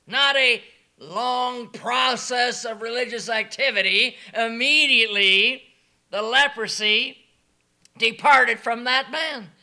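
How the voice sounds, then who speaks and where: A man preaching a sermon in a very bright, ringing voice. He is emphatic and animated, dropping into quiet asides and then rising to loud, shouted declarations. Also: extremely high pitch.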